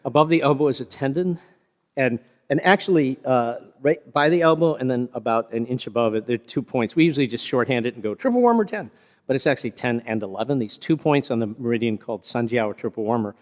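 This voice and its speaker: A man's voice: mid-range voice, quick pace. A man teaching karate techniques to a class, explaining in a chatty, self-deprecating way with a partner beside him. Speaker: karate instructor. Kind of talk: hands-on martial arts teaching. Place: large karate dojo with a partner. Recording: long hall reverb.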